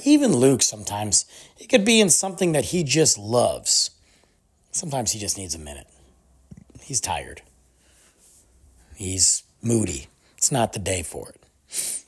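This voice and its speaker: A gravelly, husky podcast host talking solo. The voice swings widely up and down as it rants through a story, slipping into the voices of the people being quoted. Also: medium pitch. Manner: animated ranting storyteller.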